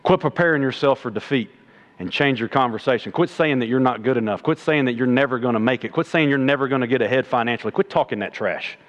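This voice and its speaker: A man preaching a sermon in a plainspoken, folksy way, swinging from loud exhortation to low mocking asides. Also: quick pace, dull audio. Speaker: preacher and middle school coach.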